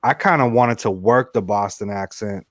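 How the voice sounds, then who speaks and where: Easygoing co-host, dry close sound. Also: male voice, fairly low pitch, moderate pace, dry recording. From central Massachusetts. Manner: easygoing, reflective, laughs often. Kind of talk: casual chat.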